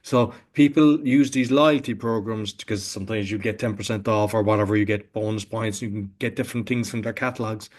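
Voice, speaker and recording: Halting male podcast host. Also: fairly low pitch, fairly even intonation. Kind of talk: casual podcast interview.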